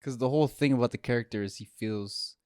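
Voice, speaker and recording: A man co-hosting a podcast, reviewing a movie in casual chat, animated and full of "like"s. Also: mid-range voice, fast, clean tone, no room sound, studio quality. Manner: animated, many "like"s, acts out quotes. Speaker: podcast co-host.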